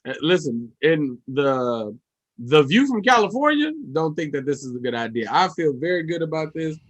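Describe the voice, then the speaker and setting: A man's voice: fairly high pitch, very animated, normal speed. A man and comedian in casual podcast chat who jumps in eagerly and explains things step by step.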